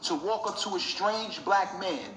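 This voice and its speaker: A man's voice: high voice, unhurried, fairly bright tone. A young man giving an emotional, preaching talk to his viewers, repeating his points over and over. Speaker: vlogger. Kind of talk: impassioned talk to camera. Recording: echoey room.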